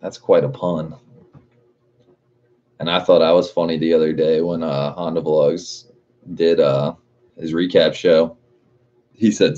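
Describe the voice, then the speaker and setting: Very deep-voiced casual male streamer. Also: fairly even intonation, unhurried, pauses often, mellow, highs cut off. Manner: laid-back, profane, reads chat comments aloud. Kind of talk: casual livestream chat.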